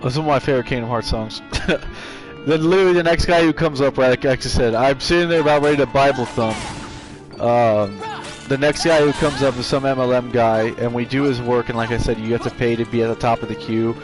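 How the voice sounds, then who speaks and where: A man's voice: mid-range voice, brisk. Rambling male streamer over game music. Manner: rambling, frequent restarts and fillers. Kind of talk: casual storytelling chat. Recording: game music playing behind. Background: video game music.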